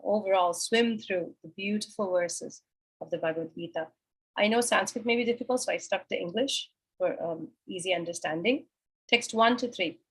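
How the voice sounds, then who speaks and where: Husky woman teaching a scripture class. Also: medium pitch, fairly bright tone, rough recording. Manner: asks and answers her own questions. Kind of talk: explaining a sacred text verse by verse.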